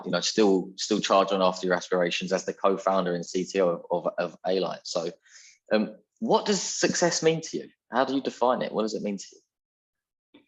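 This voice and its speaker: A man's voice: deep voice, slightly rough, poor audio. A man hosting a podcast interview in an upbeat, chatty, effusive way. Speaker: podcast host. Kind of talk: casual interview chat.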